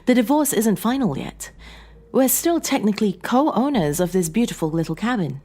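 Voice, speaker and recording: A woman voicing an estranged wife who is pleading and tearful, a little higher and louder than her narration. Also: expressive, normal speed, lightly acted. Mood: wistful. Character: grieving estranged wife, adult woman, clingy and sorrowful.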